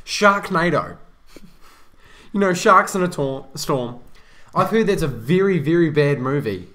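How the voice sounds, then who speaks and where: Lively, rambling co-commentator. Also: male voice, on the high side, measured pace. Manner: rambling, giggly, trips over words. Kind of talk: joking live sports commentary.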